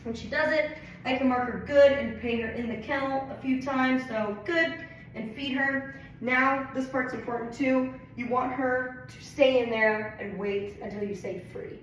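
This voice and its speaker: A woman's voice: high voice, fairly even intonation, measured pace. A woman dog trainer giving a casual training demonstration, explaining plainly and often checking in with "right?" and "okay?". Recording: very echoey room, mic far off, faint noise.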